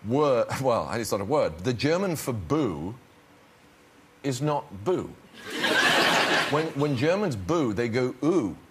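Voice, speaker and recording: A man's voice: medium pitch, sing-song, takes it slowly, pauses often. A man with an English accent, an actor and talk show guest, telling a wry, self-deprecating anecdote with many restarts. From England. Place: TV studio with live audience. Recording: loud studio audience laughter and noise.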